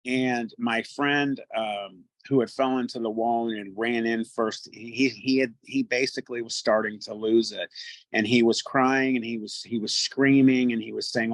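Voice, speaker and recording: A man casually telling a first-person encounter story in a halting way, often repeating his words. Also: mid-range voice, steady tone, no room sound, rough recording.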